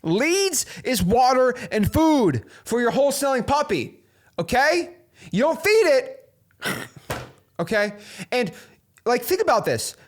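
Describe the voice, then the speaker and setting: Male host, higher voice with big swings in pitch, gives a preachy pep talk and keeps asking "okay?". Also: slow pace, long pauses. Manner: animated, preachy, full of "like" and "okay?". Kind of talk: motivational business talk.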